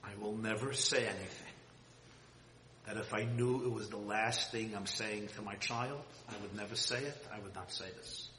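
A man giving an impassioned sermon, swinging from loud high cries to hushed low tones. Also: moderate pace, hardly any pauses, slight background noise. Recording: roomy hall with long reverb.

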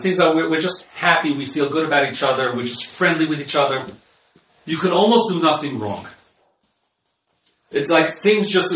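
Giving a conversational lecture on marriage counseling, this man has a slightly high, bright voice and a forceful tone, often repeating words as he restarts and acting out snippets of example dialogue. He's recorded from a distance in an echoey room, with slight background noise.

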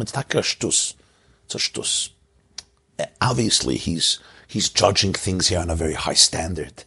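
A man's voice: deep voice, creaky, a bit bright, slightly rough. A man teaching a Torah lecture, a rabbi who tells stories, chuckles often and repeats his key phrases.

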